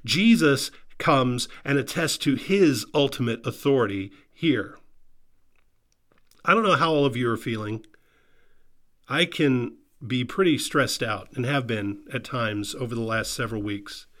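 A man's voice: medium pitch, normal speed, fairly bright tone. A man preaching a sermon in an earnest, emphatic way, repeating phrases for stress and putting questions to his listeners. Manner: asks the listeners direct questions. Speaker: pastor.

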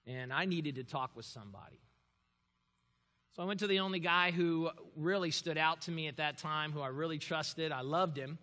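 A young man preaching a sermon, moving from quiet storytelling to loud, forceful preaching. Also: on the high side. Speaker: pastor. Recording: long reverb of a large hall.

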